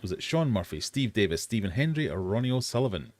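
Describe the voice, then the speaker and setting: A fairly low-pitched English man hosting a casual live quiz. He chats easily, mocks himself and wanders off on tangents before reading the next question. The sound is close and dry. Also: sing-song, quick pace, darkish tone, dry recording. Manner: chatty, self-mocking, easily sidetracked, bursts into silly sung bits. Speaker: host of a live quiz hangout.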